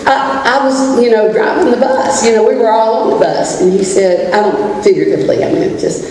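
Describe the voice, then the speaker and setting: A woman's voice: on the high side, lively intonation, brisk, a little mellow. An older woman giving a humorous keynote talk, telling stories and poking fun at herself with frequent laughs. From Louisiana. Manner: storytelling, self-deprecating, laughs often. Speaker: keynote speaker. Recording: echoey hall from far off, faint noise.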